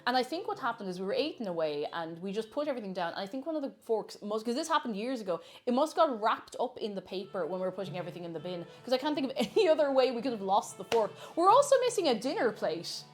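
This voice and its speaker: A woman's voice: a little high, very animated, quick pace, few pauses, soft background music. An Irish woman live-streaming from her kitchen while baking, chatting casually, reading viewers' messages aloud and laughing often.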